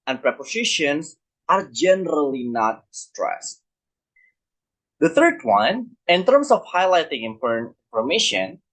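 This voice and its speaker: Slow, husky man with a lively voice. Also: on the high side, poor audio. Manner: repeats example words slowly and deliberately; asks listeners rhetorical check questions. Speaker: student presenter. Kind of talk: explaining English pronunciation.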